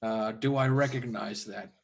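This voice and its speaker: A man's voice: lowish voice, fairly even intonation, a little slow, creaky. A man playing a tabletop game, speaking casually with easygoing stumbling starts. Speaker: player.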